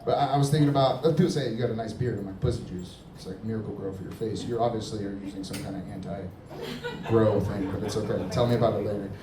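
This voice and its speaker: A man's voice: lowish voice, fairly even intonation, fast. A man doing loose, laughing stand-up crowd work, teasing the audience from a comedy club stage. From Middle Eastern heritage, Persian father. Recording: echoey room, distant, noisy crowd.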